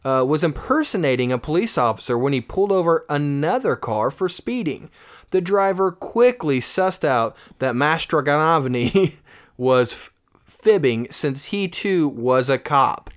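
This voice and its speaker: A man's voice: fairly high pitch, lively intonation, a little slow. Man podcast co-host, casual, jokey, reads stories with tangents. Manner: joking, reads stories aloud with asides. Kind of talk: casual chat reading news stories.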